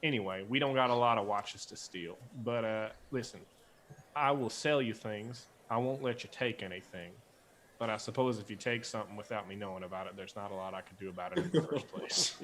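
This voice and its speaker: A man's voice: lowish voice, fairly quick, fairly bright tone, slight background noise, natural voice. A man voicing a folksy male dwarf shopkeeper who talks in a put-on rural American drawl. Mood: wry. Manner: hammy, rambling, sly.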